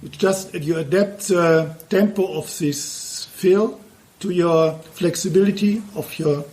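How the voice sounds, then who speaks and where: Calm man teaching the drum. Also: high-pitched, a little slow. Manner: calm, plain instructional phrasing in non-native English. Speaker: Zen monk teaching drumming. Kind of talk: spoken instruction between drum demonstrations.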